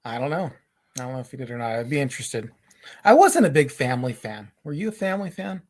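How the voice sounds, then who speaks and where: A middle-aged man hosting a live podcast chat, talking in halting, rambling sentences full of restarts. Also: mid-range voice, lively intonation, a little mellow. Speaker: podcast host. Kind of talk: casual live-stream chat.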